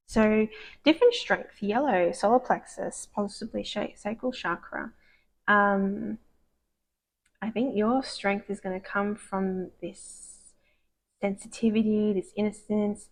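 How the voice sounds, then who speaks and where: A woman giving a casual, rambling tarot card reading, gushing and soft-spoken, sometimes dropping to a whisper. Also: mid-range voice. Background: dogs barking.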